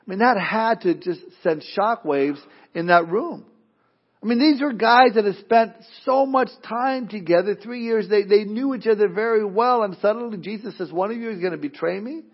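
A man preaching a sermon in a conversational, animated way, with asides and playful mock voices. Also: high voice, dull audio. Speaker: pastor.

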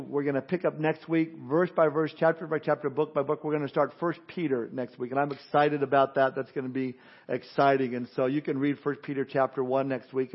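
High-voiced man preaching a sermon. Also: lo-fi sound. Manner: preaching with frequent repeated words and restarts. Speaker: pastor.

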